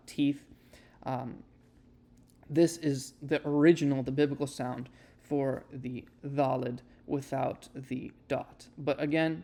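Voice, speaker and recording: A man giving a casual spoken lesson, explaining and demonstrating sounds with relaxed fillers. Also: medium pitch, gravelly. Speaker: Hebrew teacher.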